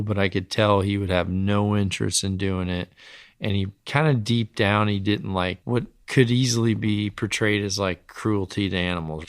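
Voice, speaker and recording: A man who is a guest in a casual interview, telling relaxed stories and acting out what others said. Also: lowish voice, no echo, studio quality. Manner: relaxed storytelling, acts out quotes. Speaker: guest, professional archer.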